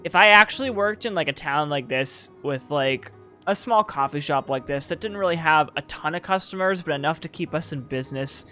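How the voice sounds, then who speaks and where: A man giving casual gameplay commentary as a streamer, excitable, swearing and riffing in mocking rants. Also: fairly high pitch, brisk, soft background music.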